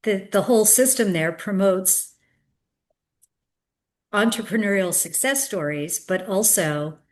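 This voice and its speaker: A woman hosting a podcast interview who speaks in a measured, thoughtful way, with hesitations and some throat-clearing. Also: medium pitch. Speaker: podcast host. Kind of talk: interview conversation.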